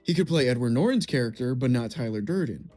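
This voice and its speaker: A man's voice: medium pitch, expressive, fast, a little mellow, faint music behind. A young man giving heated film commentary, swearing and repeating himself as he rants. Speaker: video essay creator.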